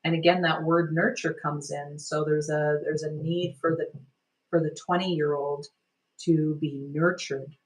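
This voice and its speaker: Gentle, meandering woman energy healer. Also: deep voice, little pitch movement, a little slow, poor audio. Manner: gentle, soothing, meandering with many "like" and "sort of". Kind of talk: guided healing session.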